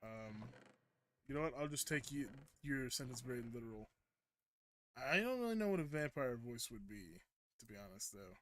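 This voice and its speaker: A man's voice: medium pitch, animated, moderate pace, a little hiss or hum. A young man casually commenting while he plays a game, rambling and often correcting himself mid-sentence. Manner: rambling, hesitant, self-correcting. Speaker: streamer.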